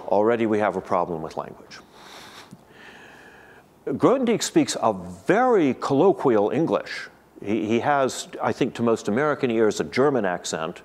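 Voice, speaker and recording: A man's voice: medium pitch, a little mellow. A man giving an academic lecture to a room of listeners, thinking aloud with frequent restarts and repeated words.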